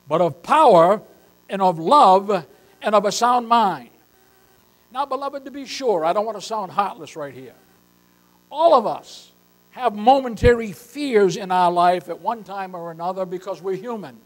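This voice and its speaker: An older man delivers a sermon in a notably high voice. He preaches with emphasis and keeps calling his congregation beloved. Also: rough recording. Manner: emphatic, repeatedly addressing listeners as beloved. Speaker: pastor.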